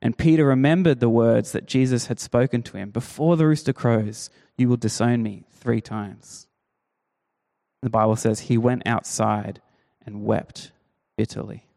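Pastor telling a Bible story. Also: male voice, medium pitch, unhurried, creaky. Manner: lively storytelling, acting out quotes. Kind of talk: sermon.

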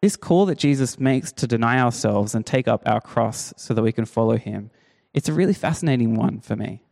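A man preaching a sermon, telling the story with lively, acted-out quotes. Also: mid-range voice, brisk, vocal fry. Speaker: pastor.

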